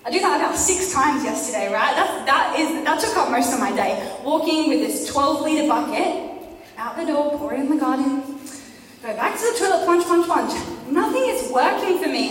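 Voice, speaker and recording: A young woman with a high voice tells a chatty, self-mocking story to a church crowd. She sounds far from the microphone, her voice bouncing around a big hall with a long echo, and a faint hiss sits underneath. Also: expressive, fairly quick. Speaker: church youth speaker. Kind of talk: casual storytelling talk.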